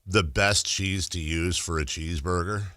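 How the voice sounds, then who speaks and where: A man's voice: sits low, steady tone, normal speed, bright, forceful tone, dry recording. A man hosting a sports talk radio show, teasing and sarcastic in casual banter at a studio mic.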